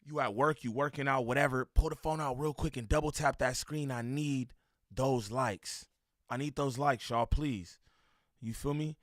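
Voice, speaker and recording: A man livestreaming, reacting to a video and shouting out his chat in loose, slangy street talk with frequent laughs. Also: mid-range voice, normal speed, no echo, clean studio sound. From Inland Empire, Southern California. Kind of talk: live-stream reaction and chat shout-outs.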